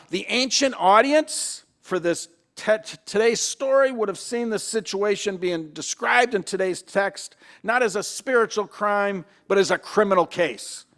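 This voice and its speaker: A man's voice: high voice, a bit bright. A male pastor giving a conversational sermon, asking the congregation questions and sometimes repeating himself as he restarts. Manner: acts out quoted voices.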